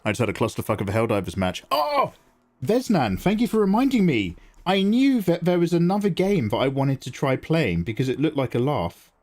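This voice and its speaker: Male host, casual live-stream banter while drawing, mid-pitched, animated delivery. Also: fairly quick, hardly any pauses. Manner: chatty, playfully snarky, greets viewers by name. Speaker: art streamer. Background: faint synth music.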